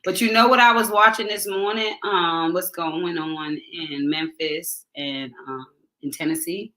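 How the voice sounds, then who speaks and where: A woman from New York with a New York accent, co-hosting a casual chat and telling animated stories with chatty asides. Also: on the low side, a little slow, slight background noise. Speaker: co-host.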